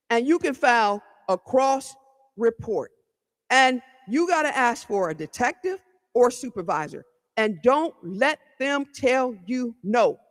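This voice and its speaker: A woman from the Cleveland area, hosting her own podcast, tells a story with blunt, heated energy, dropping swear words, repeating herself, and talking straight to listeners. Her voice is high-pitched, and a long hall-style reverb fills the recording.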